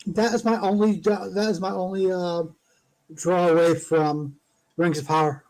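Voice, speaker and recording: A man's voice: high voice, level tone, measured pace, darkish tone, low-quality recording. A man chiming in on a casual stream chat, joking and laughing often.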